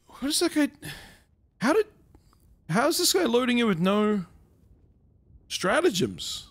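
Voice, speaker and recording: A man's voice: very high-pitched, sing-song, unhurried. A man streaming a game live, muttering casual commentary and swearing at teammates. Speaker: gaming streamer.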